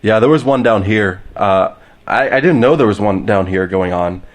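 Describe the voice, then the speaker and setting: A young man hosts a casual podcast chat. He is easygoing and a little hesitant, and his voice sits slightly low. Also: normal speed. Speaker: podcast host.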